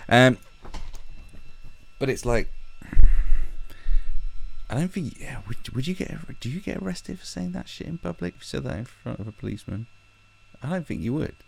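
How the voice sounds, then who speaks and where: A man's voice: on the low side, gravelly, slight background noise. A British man hosting a livestream, reading news aloud and ranting about it in a sweary, exasperated way. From Britain. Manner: sweary, exasperated, reads articles aloud and riffs on them. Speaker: livestream host. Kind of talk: casual ranting commentary. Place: home, fiddling with a screwdriver.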